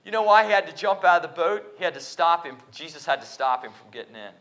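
Bright-voiced man preaching with dramatic swings. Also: fairly high pitch, expressive, fast talker, few pauses. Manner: dramatic swings from loud emphasis to whispers. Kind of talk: sermon. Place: church.

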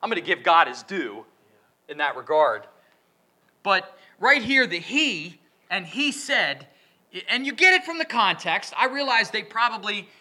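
A man preaching a sermon, working through a verse with lots of questions to his listeners and slow, stressed quotations. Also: high-pitched. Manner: questioning, lively emphatic delivery with drawn-out quotes.

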